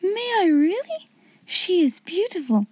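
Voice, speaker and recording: A woman's voice: high voice, sing-song, unhurried, mellow, no echo, voice pushed up. A woman voicing a shy, awestruck young schoolgirl in a breathless whispered role-play. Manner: breathless, timid, wide-eyed.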